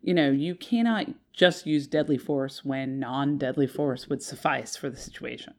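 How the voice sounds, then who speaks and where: A woman's voice: extremely low pitch, moderate pace. A woman co-hosting a casual podcast, explaining a legal concept with frequent "um"s and "you know"s. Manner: explains with many "um"s and "you know"s, bursts of loud laughter. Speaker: podcast co-host explaining law.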